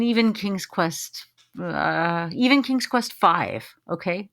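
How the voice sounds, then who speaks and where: A woman's voice: medium pitch, slow pace, gravelly. A middle-aged woman co-hosting a podcast, chatting casually and animatedly. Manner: animated, laughs, mimics voices in anecdotes. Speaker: podcast co-host. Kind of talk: casual chat.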